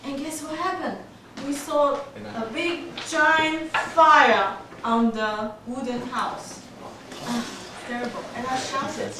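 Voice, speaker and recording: Woman in her 40s giving a club speech, slow, laughs a lot, echoey room far from the mic. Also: high voice, noisy background. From Taiwan. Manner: laughs often, lively telling with small grammar slips. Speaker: club speaker. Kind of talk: prepared storytelling speech. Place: meeting room.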